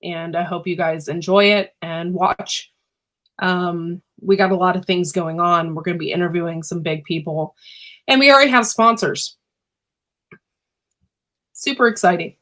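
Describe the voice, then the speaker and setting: Chatty woman clearing her throat. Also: lowish voice, normal speed, long pauses, a bit bright. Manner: rambling, chatty, many fillers. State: keeps clearing her throat, irritated by pepper fumes. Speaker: livestream host and homesteader. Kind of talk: casual livestream chat. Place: indoors at home.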